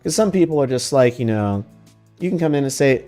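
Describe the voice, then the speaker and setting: A man's voice: mid-range voice, expressive, moderate pace, darkish tone, soft background music. Laid-back man streaming. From Texas. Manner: laid-back, profane, laughs often. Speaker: VTuber streamer. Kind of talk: casual livestream chat answering questions.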